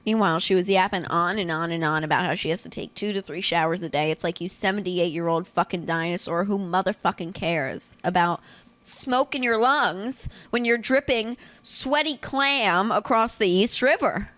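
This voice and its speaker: A woman's voice: fairly low pitch, normal speed, fairly bright tone, no echo. A woman in her twenties hosting a casual comedy podcast, brash and teasing with crude jokes. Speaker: podcast host.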